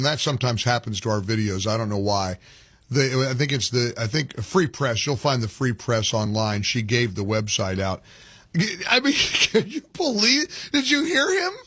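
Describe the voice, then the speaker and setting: A man's voice: mid-range voice, bright, forceful tone, breathy edge, no room sound. A man hosting a talk radio show, commenting emphatically and indignantly from a studio microphone. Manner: emphatic, indignant, with frequent restarts.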